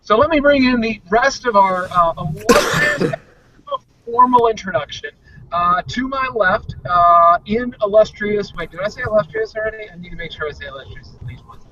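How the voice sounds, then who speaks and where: A man hosting a casual live show from inside a moving car, joking and rambling with excitement. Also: high voice, a little fast, crowd noise. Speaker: podcast host. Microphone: mobile hotspot link from the car. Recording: dull, distant car-mic sound with road noise.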